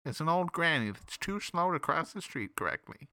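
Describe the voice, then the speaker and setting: A man's voice: on the high side, expressive, moderate pace, pushed and bright, no room sound, voice pushed up. A man voicing a smug, teasing male salamander detective who drawls out his mockery in a sing-song way. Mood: mocking.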